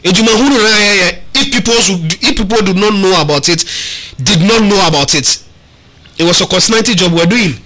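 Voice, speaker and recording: A man's voice: sits high, brisk, pushed and bright, rough recording. A man, co-hosting a sports talk show and arguing his points emphatically, often repeating words. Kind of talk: animated radio sports debate.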